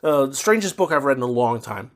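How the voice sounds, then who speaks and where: A man giving a casual spoken book review, rambling with lots of fillers and restarts, now and then slipping into quick mock voices as he paraphrases. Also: mid-range voice, lively intonation. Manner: puts on brief mock voices when paraphrasing.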